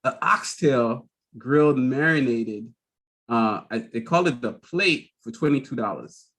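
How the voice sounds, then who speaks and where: A man co-hosting a casual podcast conversation. He tells stories with lots of energy and laughs often as he goes. He drops into quick impressions of the people in his stories. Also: mid-range voice. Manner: animated storyteller who acts out quoted voices; laughs often mid-sentence. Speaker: podcast host. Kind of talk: casual chat.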